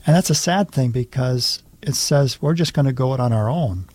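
Priest co-host, pastoral and reflective, husky voice, mid pitch. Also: male voice, moderate pace, a little mellow, dry recording. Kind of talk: radio talk show chat.

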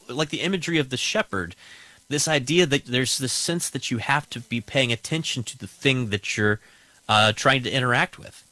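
A man's voice: mid-range voice, pushed and bright, dry recording. A man hosting a radio interview in a conversational, folksy way. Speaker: host.

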